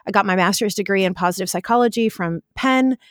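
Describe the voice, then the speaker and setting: A woman in her forties tells her life story to an interviewer in a lively, conversational way, full of "like" and quick asides. Her voice sits at a middle pitch, and the sound is close and dry, with no room around it. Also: no room sound. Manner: animated, vivid storyteller with frequent "like" fillers.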